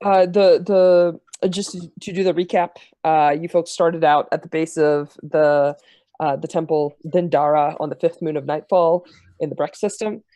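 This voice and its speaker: A man serving as game master, recapping the last tabletop session in a halting, filler-heavy way. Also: on the high side, fairly even intonation, dark tone, dry recording.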